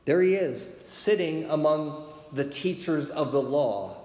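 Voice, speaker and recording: A man's voice: fairly high pitch, lively intonation, a little slow, dark tone. A man in his thirties preaching a conversational sermon as a pastor, with frequent "right?" asides. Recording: echoey hall.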